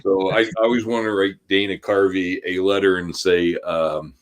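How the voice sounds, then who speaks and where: A man in his forties, co-hosting a podcast, telling an animated, laughing personal story in casual chat. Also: low voice, normal speed. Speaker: podcast co-host.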